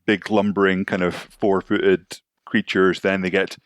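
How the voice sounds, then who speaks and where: A man's voice: deep voice, flat delivery, unhurried. A man co-hosting a podcast, talking in a rambling, hedging, easygoing way. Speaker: podcast co-host. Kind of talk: casual chat.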